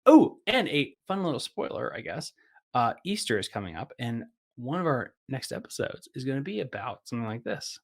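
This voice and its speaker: A man's voice: mid-range voice, sing-song, fairly quick, vocal fry. A man hosting a podcast in casual chat. He rambles, leans heavily on "like", and swears freely. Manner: rambling, heavy use of "like" fillers, swears casually. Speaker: podcast host.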